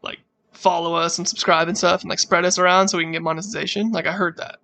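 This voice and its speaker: A man's voice: high voice, fairly even intonation, fast talker, creaky, pushed and bright. A man co-hosting a podcast, joking crudely and making mock announcements to the audience. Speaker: podcast co-host. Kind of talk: casual chat.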